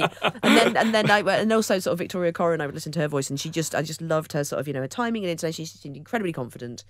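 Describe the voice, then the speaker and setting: A woman from Wolverhampton tells stories at a rapid clip, quick and self-mocking. She sits at a studio microphone in a dry, close radio booth, with no room sound around her. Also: sits low, lively intonation, dry recording. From Wolverhampton, England. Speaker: guest. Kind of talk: casual radio interview chat.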